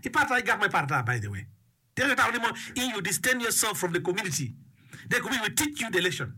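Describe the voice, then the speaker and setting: Man, high, bright and husky voice, emphatic talker who keeps asking "okay?". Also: very animated, quick pace. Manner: emphatic, repeats phrases, checks in with "okay?" and "eh?". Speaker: speaker on education and community. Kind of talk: casual explanatory talk mixing English and a local language.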